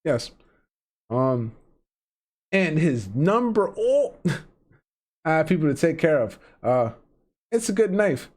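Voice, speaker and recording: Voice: medium pitch, very animated, slow, long pauses, a little mellow. A streamer casually commenting on a game and reading its dialogue aloud in a jokey manner, swearing often. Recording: game music playing behind.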